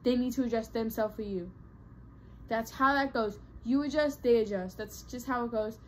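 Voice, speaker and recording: A young woman talks to her viewers in a casual vlog, earnest and emphatic, circling back to repeat her points. Her voice sits a little high for a woman. A faint hiss of room noise runs under the recording. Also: moderate pace, rough recording. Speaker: vlogger. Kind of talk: casual advice talk to camera.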